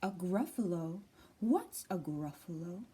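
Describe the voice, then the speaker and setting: Woman reading as a fussy treetop owl, breathy and half-whispered. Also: on the low side, lively intonation, slow, mellow, heavily acted. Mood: hushed.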